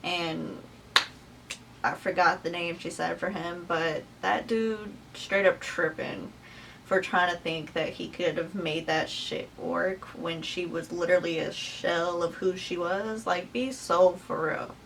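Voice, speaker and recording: A woman's voice: on the low side, steady tone, takes it slowly, gravelly, a bit bright. A young woman hosting, reacting casually to a clip in a blunt, slangy way. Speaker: host reacting to clips. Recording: distant mic with faint background noise.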